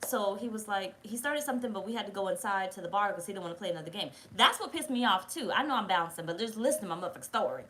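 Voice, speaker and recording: A woman rattles through a rambling personal story at a quick clip, swearing freely and speaking bluntly. Her pitch sits in an ordinary middle range, and she talks straight to her viewers in a loose, conversational way. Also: animated, fairly bright tone, a little hiss or hum, poor audio. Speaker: tarot reader. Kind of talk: casual story time.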